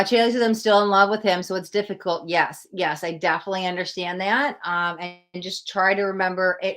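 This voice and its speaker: A woman hosting a live-stream tarot reading, talking through the cards in a reflective, coaching way and thinking aloud as she pulls them. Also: medium pitch. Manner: reflective, coaching, spiritual self-help talk. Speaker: tarot reader.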